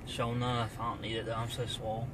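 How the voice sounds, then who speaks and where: A man joking dryly with his partner during a casual vlog, giving flat refusals and teasing back. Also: mid-range voice, fast. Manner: dry, joking, deadpan refusals. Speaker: vlogger's partner. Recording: noisy car and street recording.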